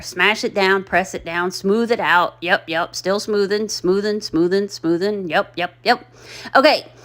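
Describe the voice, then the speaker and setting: A middle-aged woman who hosts a craft channel gives a chatty DIY voice-over, narrating her project in a rambling, folksy, self-deprecating way. Her voice is mid-range and a bit bright.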